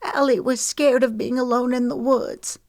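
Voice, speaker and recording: Woman doing a raspy villainess, taunting, venomous, higher voice, audiobook. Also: animated, a little slow, dry recording, studio quality. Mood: tearful. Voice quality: raspy, grating voice. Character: spiteful scheming middle-aged woman villain. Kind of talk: audiobook character reading.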